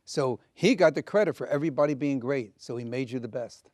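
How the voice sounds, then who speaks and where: A man's voice: mid-range voice, brisk, darkish tone, dry recording. An older man, a comedian, recalling old stories earnestly in an interview and acting out the dialogue. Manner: earnest storyteller with quoted dialogue. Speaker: comedian guest. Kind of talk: interview reminiscence.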